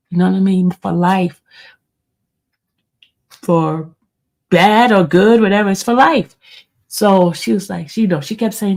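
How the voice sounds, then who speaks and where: A middle-aged woman talks casually to her viewers in a heartfelt, emotional way. Her voice has a gravelly, fry-edged texture, and she calls the audience "y'all.". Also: fairly low pitch, steady tone, moderate pace, a little mellow. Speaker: livestream host.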